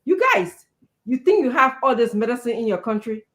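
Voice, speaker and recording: A woman's voice: fairly high pitch, animated, brisk, fairly bright tone. A woman imitating a strict male Ghanaian schoolteacher who lectures his class, with a Ghanaian accent. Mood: scolding. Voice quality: challenging, lecturing.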